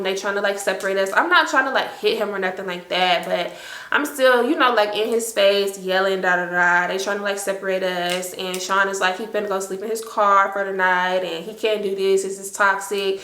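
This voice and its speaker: A young woman, telling an animated, slangy storytime to her viewers. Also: medium pitch, roomy sound. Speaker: storytime vlogger. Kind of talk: casual storytime.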